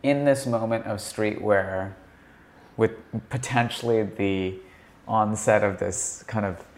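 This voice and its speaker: Casual, lower-pitched male interviewer. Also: takes it slowly. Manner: casual, asks long rambling questions. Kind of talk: conversational interview.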